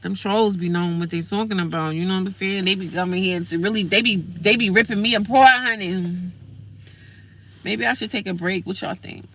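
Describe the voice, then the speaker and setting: Woman vlogger, playful and teasing, bright tone. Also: medium pitch, a little fast. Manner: sassy, playful, calls viewers girl and sis. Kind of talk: casual livestream chat with commenters. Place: homeless shelter.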